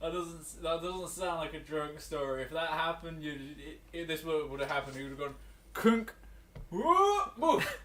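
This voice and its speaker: A man's voice: a little high, fairly even intonation, brisk, few pauses, fairly bright tone, slight background noise. A man giving dry, short replies in casual chat while playing a video game.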